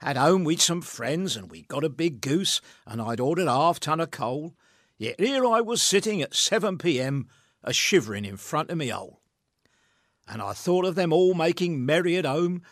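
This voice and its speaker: A grumbling street watchman, as a man recites him telling his hard-luck tale in bouncing verse. His voice is fairly high and swings widely. The sound is dry. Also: a bit bright, dry recording, heavily acted. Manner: rhythmic, rueful storytelling. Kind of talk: recited comic verse monologue.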